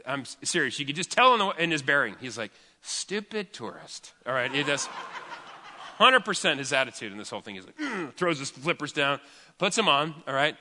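Fast, bright-voiced pastor in a reverberant hall. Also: male voice, on the high side. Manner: animated, chatty storytelling with fillers. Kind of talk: storytelling sermon.

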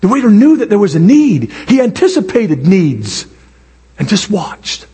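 A male pastor preaching a sermon in an animated way, acting out the voices of the people he quotes. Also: high voice, measured pace, breathy edge. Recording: long reverb in a hall.

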